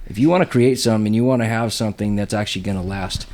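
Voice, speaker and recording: A man's voice: on the low side, rapid-fire, darkish tone. A man hosting a casual podcast, earnestly breaking down his points about friendship. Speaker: podcast host.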